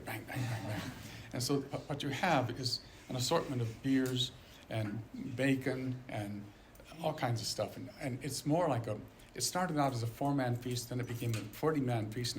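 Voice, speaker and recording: A man introducing a guest speaker in a chatty, rambling way, with laughter and asides. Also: mid-range voice. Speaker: event host introducing the speaker. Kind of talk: casual introduction. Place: lecture hall at a seminary. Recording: echoey room with faint background noise.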